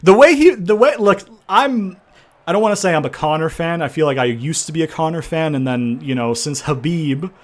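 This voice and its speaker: A young man commentating his own wrestling game playthrough, swearing and yelling in frustration at the computer opponent. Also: fairly high pitch, a little fast. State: sweating from yelling. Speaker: gaming YouTuber. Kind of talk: let's-play commentary.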